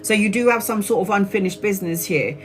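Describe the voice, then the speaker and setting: A woman giving live-stream tarot readings in an excitable way, often laughing and exclaiming, and calling viewers sweetheart. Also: medium pitch, fast, soft background music, low-quality recording. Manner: affectionate, calls viewers sweetheart. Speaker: tarot reader.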